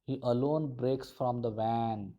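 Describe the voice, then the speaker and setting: A male teacher works through a poem line by line, circling back to restate each phrase. He talks slowly and deliberately, in a dark, mellow voice. His pitch sits in an ordinary middle range. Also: fairly even intonation, muffled recording. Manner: slow, repetitive explanation with frequent restatements. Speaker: college English teacher.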